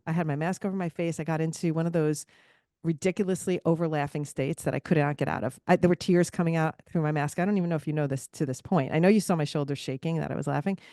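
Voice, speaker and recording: Podcast co-host, woman, low register, animated storyteller who laughs easily, dry close recording. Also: no room sound. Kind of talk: casual chat.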